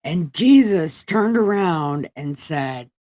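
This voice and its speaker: A woman's voice: on the low side, expressive, takes it slowly, dark tone. A woman hosting a livestream, reading scripture aloud in an irreverent, casual way and breaking off for profane, wisecracking asides. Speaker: livestream host. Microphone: home streaming setup.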